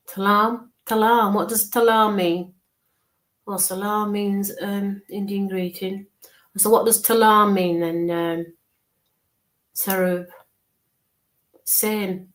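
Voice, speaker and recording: A woman working as a spiritual medium during a live online reading. She describes what she sees slowly, repeats herself and checks in often with a soft, reassuring "okay". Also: medium pitch. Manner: describes visions slowly, checks in with frequent okays.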